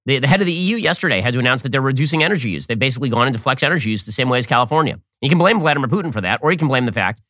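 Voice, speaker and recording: A man hosting a political commentary show, talking in a fast, mocking, sarcastic way. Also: no room sound, studio quality. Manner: mocking, rapid-fire, animated pitch swings.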